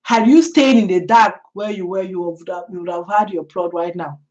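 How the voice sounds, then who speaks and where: A woman's voice: fairly low pitch, normal speed, a little mellow, muffled recording. A woman vlogger telling a story in a chatty way, laughing often and talking straight to the viewer. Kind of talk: casual storytelling commentary.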